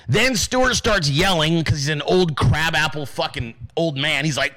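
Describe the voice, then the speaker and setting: Male podcast host, bright forceful voice, higher than most men, swearing, ranting commentary. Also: normal speed, rough recording. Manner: profane, animated ranting; addresses listeners as dude and guys. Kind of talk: casual political commentary.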